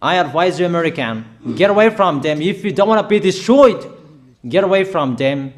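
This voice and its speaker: A man preaching a declaratory sermon, emphatic and repetitive, addressing listeners directly with halting pauses. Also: sits high, animated.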